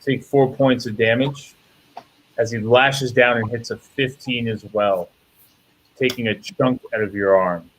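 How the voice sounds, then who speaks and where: Male game master, relaxed, descriptive narration. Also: mid-range voice, unhurried, a little hiss or hum, poor audio.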